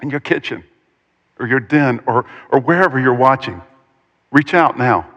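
A man preaching a sermon, retelling a story with animated, dramatic delivery and pauses. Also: medium pitch, in a large hall, muffled recording.

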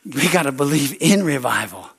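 A man's voice: mid-range voice, sing-song, moderate pace, a bit bright, breathy edge. A man pastor preaching a sermon, fervent and repetitive, with call-and-response asides.

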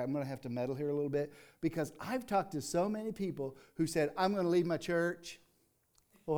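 An older man preaching a sermon in a folksy, conversational way, rising into emphatic reading and dropping to quiet asides. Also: on the high side. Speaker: pastor.

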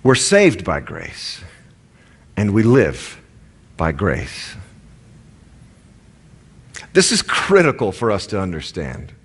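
A man's voice: deep voice, wildly swooping pitch, slow pace, pauses often, breathy edge. A man with a Southern American accent preaching a sermon in a conversational way, with asides and stories. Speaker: pastor.

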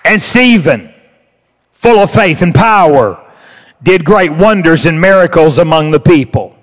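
A man preaching a sermon with emphatic, drawn-out stressed words. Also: a little high, lively intonation, some chatter behind. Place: church sanctuary. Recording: long hall reverb.

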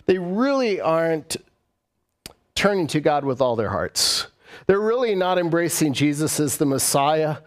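A man with a high-pitched voice delivers a casual, conversational sermon as a pastor. He talks in an animated way, asks rhetorical questions, and repeats his phrases for emphasis.

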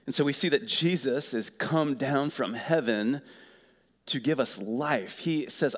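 A man preaching a sermon in a conversational, energetic way, asking the congregation questions. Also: medium pitch, moderate pace, big-room sound. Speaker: pastor.

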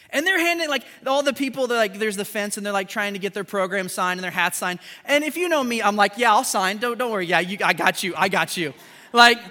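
Animated, bright-voiced preacher in a hall. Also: male voice, extremely high pitch. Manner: animated storytelling, acting out dialogue. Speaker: pastor. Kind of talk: sermon. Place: church sanctuary. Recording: large hall with music behind.

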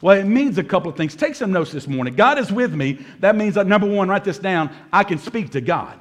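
A man's voice: high-pitched, animated, a little fast, a bit bright. A man preaching as a pastor, talking to his church in a conversational, humorous way and often checking in with "right?". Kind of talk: sermon. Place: church service.

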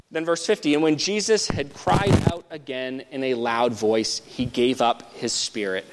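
A man's voice: mid-range voice, steady tone, moderate pace, few pauses. Man teaching scripture in a reverberant hall. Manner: conversational, frequent "right?" check-ins. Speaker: preacher. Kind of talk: Bible teaching sermon. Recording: long hall reverb with background noise.

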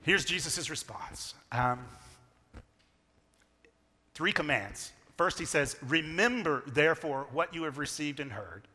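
A middle-aged man preaching a sermon, telling a story with big swings from loud to hushed. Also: a little high, animated, takes it slowly. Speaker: pastor. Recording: long reverb of a large hall.

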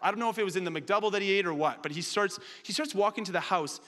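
A man's voice: high-pitched, quick pace, fairly bright tone, in a large hall. A man preaching a sermon and telling a funny story with lots of animation. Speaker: pastor.

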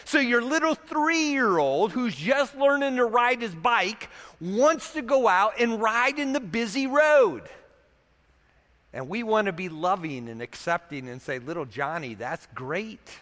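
A man's voice: very high voice, sing-song, unhurried, a bit bright, in a large hall. A man preaching a sermon as pastor, in a conversational way, asking rhetorical questions as he goes.

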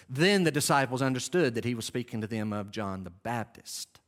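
A man teaching verse by verse from scripture, animated, moving between lively reading and quiet low asides. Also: a little fast, hardly any pauses. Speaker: Bible teacher.

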